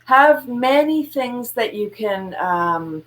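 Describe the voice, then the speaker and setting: A woman's voice: on the high side, takes it slowly. A woman, a guest entrepreneur talking over a video call, telling stories animatedly and acting out quotes. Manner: animated storyteller, acts out quotes with laughs. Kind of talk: casual interview chat.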